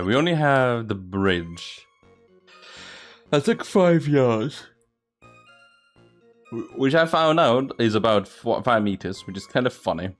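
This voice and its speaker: A man hosting a game let's play, chatting and joking with frequent laughs. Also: medium pitch. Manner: chatty, jokey, laughs often. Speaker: host.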